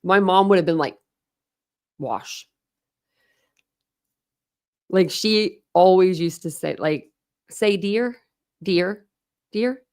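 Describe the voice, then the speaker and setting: An unhurried young woman with a voice on the low side hosts a true crime channel, chatting casually with livestream viewers. She rambles, using plenty of "like"s and restarting often.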